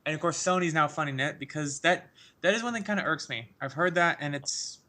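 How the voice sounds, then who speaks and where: A man in a casual podcast chat, excitable and rambling, laughing often as he talks about games. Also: a little high, brisk. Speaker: podcast co-host.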